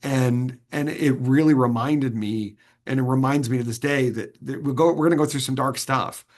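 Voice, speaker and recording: Earnest man telling a story haltingly. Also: medium pitch. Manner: earnest, halting, many restarts. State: choked up. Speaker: interview guest, sword swallower and performer. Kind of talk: reflective interview answers.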